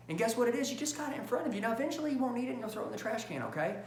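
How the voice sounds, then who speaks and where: A man coaching salespeople in an emphatic, punchy style, acting out phone calls in quick bursts and checking in with his audience. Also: very high voice, lively intonation, gravelly. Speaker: sales trainer. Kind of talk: high-energy sales training talk. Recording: roomy echo with faint hum.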